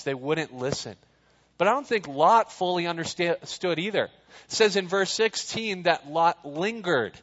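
A man preaching a relaxed sermon, chatty and quick with jokes, turning to the room with questions. His voice sits a little high for a man. It rings out in a large hall with a long tail of reverb, and the sound is slightly dull. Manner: chatty, jokey, asks the crowd questions. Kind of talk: casual sermon.

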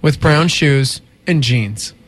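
A man's voice: mid-range voice, slow pace, no room sound. Jokey male radio morning show host. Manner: playful, jokey, goofy voices. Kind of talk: casual radio banter.

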